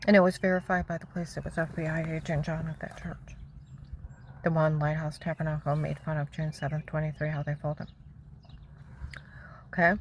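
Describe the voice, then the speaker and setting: A woman with a notably low voice tells a rambling personal story. She sounds agitated, leaps from one event to the next, and now and then sinks into a hushed whisper. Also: little pitch movement, a little fast, long pauses, a little hiss or hum, low-quality recording. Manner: agitated, jumps between events, drops into whispers.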